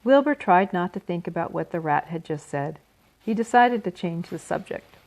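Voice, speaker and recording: A woman storyteller reading a children's book aloud in a steady, unhurried manner. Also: fairly low pitch, rough recording.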